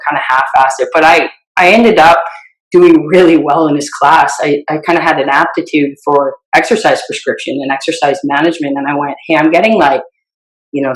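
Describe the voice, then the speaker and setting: A woman's voice: sits low, reverberant, rough recording. A woman in her forties, a strength coach and professor, telling stories in a podcast interview. She acts out the lines she quotes and laughs easily.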